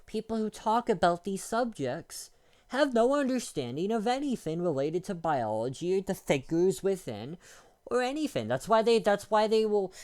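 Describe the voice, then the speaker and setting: A young man with a dark, mellow and smooth voice delivers a rambling, irritated rant. He talks crudely and loosely, with lots of fillers and restarts. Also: high-pitched. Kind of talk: casual ranting monologue.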